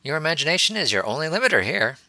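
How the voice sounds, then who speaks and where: A man's voice: on the high side, big pitch swings, racing, pushed and bright, dry recording, voice pushed up, heavily acted. A man voicing a playful, teasing young male wizard teacher, amused as he explains.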